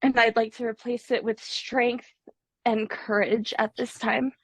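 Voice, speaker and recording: Emotional woman, bright and dry. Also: fairly high pitch, flat delivery, dry recording. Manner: halting and heartfelt. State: emotional, close to tears. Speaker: ceremony participant. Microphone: video call.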